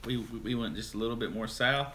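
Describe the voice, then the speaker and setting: A man's voice: medium pitch, a little fast, pushed and bright, slight background noise. A man joining a casual live-stream chat, tossing in dry teasing remarks.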